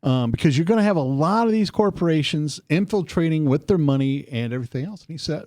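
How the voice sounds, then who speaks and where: Animated man telling a story. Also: quick pace, few pauses, no room sound, studio quality. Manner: animated storytelling, lively pitch swings. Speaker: co-host. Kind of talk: casual political radio chat. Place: studio.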